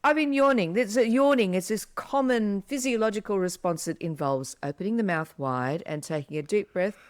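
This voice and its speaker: A woman co-hosting a podcast in casual chat, animated and acting out yawns as she explains. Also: medium pitch, moderate pace, smooth, no echo, studio quality. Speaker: podcast co-host.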